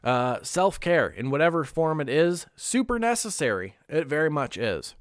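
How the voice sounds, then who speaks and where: A man's voice: on the high side, big pitch swings, normal speed, no room sound, clean studio sound. A young man chatting casually on a livestream, candid and rambling, swearing now and then and laughing often. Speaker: streamer.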